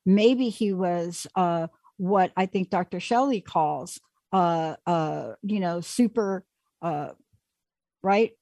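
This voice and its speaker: A woman hosting a call-in talk show, talking in an animated, chatty way and taking callers. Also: lowish voice, slow pace, no echo. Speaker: host.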